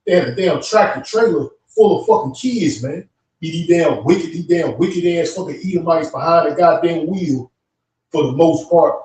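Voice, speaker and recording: A man with a somewhat high voice tears into a heated, profane religious rant as co-host. He sits some distance from the microphone in a strongly echoing room. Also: moderate pace, a little mellow. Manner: profane, fiery ranting. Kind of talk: heated religious stream talk. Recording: echoey room, away from the mic.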